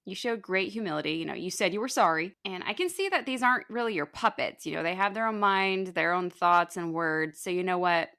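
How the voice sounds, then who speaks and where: A woman's voice: lowish voice, animated, fairly quick, few pauses, a bit bright, clean tone. A woman doing a stern father god scolding. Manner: scolding, lecturing. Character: stern all-powerful father god scolding his son.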